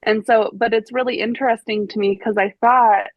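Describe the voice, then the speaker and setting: A woman's voice: fairly high pitch, fairly even intonation, normal speed, no echo. Woman on a podcast, candid and reflective, laughs easy, dry muffled remote mic. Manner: candid and reflective, laughs easily, casual swearing. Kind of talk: conversational podcast chat.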